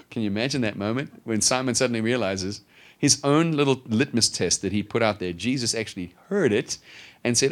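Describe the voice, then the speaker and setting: This middle-aged man preaches briskly in a medium-pitched voice, rarely pausing. As a pastor telling the story, he animatedly acts out the voices of Bible figures.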